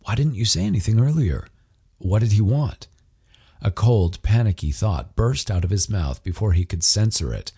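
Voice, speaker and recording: A male audiobook narrator voicing an affectionate young man who grows anxious and jealous, close to his own husky voice. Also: on the low side, lively intonation, normal speed, dark tone, heavily acted. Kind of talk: audiobook character voice.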